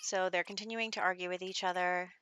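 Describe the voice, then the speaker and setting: A woman's voice: fairly low pitch, steady tone, quick pace, a bit bright, a little hiss or hum. A woman casually narrating her life-sim game, chatty and storytelling, with lots of filler words. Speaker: gameplay narrator. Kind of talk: casual let's-play narration.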